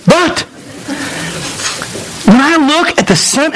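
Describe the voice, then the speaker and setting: A man, preaching a sermon in a church and speaking directly to his congregation in an animated storytelling manner. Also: very high-pitched, a little slow, pauses often, slight background noise, rough recording. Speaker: pastor. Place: church sanctuary.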